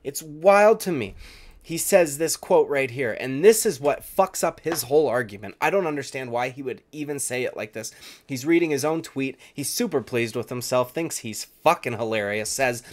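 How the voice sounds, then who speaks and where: Man, middle-pitched voice, heated and profane commentary ranter. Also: lively intonation, normal speed. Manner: heated, profane ranting with frequent "dude". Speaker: MMA YouTube commentator. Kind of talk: reaction commentary rant.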